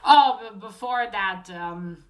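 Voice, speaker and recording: A woman casually recapping a story aloud, halting with many fillers and restarts. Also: medium pitch, low-quality recording.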